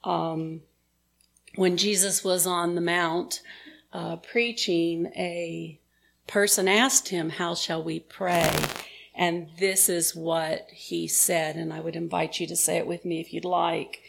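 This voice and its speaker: A woman's voice: on the low side, little pitch movement, slow, vocal fry, a little hiss or hum. A woman minister giving a sermon in a chatty, informal, self-deprecating way.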